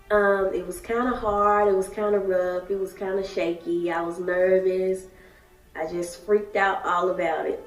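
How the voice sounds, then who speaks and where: A woman, telling her own story in halting, emotional short phrases. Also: medium pitch. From Alabama, USA. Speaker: daycare worker sharing her story. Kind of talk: personal testimony. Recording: echoey room, distant mic, soft music.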